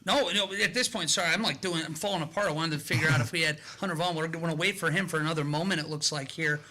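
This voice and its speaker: A man hosting a casual sports talk show, excitable and fast-talking. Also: fairly high pitch.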